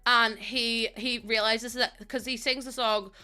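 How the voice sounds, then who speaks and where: A woman's voice: fairly high pitch, fairly even intonation, measured pace, bright, forceful tone, smooth. A young adult woman live streaming, chatting casually with her viewers in a giggly, gushing and emotional way.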